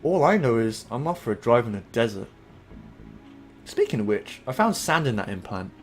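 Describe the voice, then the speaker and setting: An Englishman reading a cool female agent's lines in a flat, dry way, in his own voice. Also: mid-range voice, moderate pace, faint music behind.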